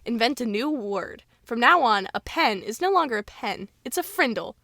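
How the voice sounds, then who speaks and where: A woman's voice: a little high, animated, moderate pace, gravelly, bright, forceful tone, dry recording, clean studio sound. A woman co-hosting a podcast, reading a children's book aloud with casual banter, giggling and stumbling over words as she goes.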